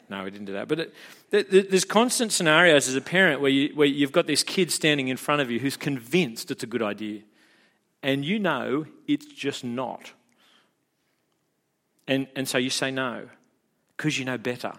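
A man's voice: medium pitch, moderate pace, fairly bright tone. A middle-aged man with an Australian accent preaching a sermon in a chatty, joking way, often stumbling and repeating words. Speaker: pastor. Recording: long hall reverb.

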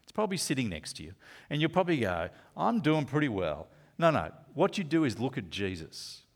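A man preaching a sermon to a congregation, swinging from loud emphatic lines to slow, hushed asides. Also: medium pitch, very animated, husky.

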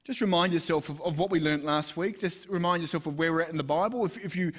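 A man's voice: fairly high pitch, fast. A middle-aged Australian man preaching a sermon in a conversational, self-deprecating storytelling manner. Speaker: pastor.

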